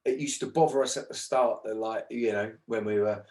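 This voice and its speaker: A man with a London accent, a band's lead singer, chatting in a casual radio interview, lively and swearing freely. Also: lowish voice, fairly quick. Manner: animated, swears freely, acts out quoted voices.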